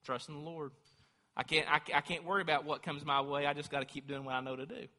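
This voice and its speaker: A man's voice: fairly high pitch, level tone, quick pace, pushed and bright. A man preaching a sermon as a pastor, speaking with fervent emphasis that rises into emphatic declarations. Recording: long hall reverb.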